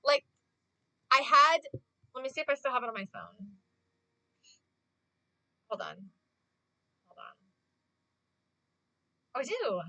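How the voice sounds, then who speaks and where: A young woman livestreamer chatting casually with her viewers, gushing and fast, with lots of "like". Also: high voice, lively intonation, sharp tone, dry recording. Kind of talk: casual chat to stream viewers.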